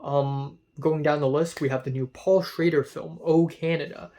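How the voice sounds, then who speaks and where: A man talking casually about a film festival line-up, rambling with many fillers and growing excited at times. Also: a little high, normal speed. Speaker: film reviewer. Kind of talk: casual vlog commentary.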